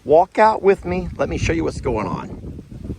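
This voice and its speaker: A man's voice: a little high, huge pitch swings, a little slow, gravelly, background noise. A man with a Texan accent hosting a casual ranch vlog outdoors in a pasture, chatting in a folksy way straight to his viewers. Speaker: ranch vlogger, host.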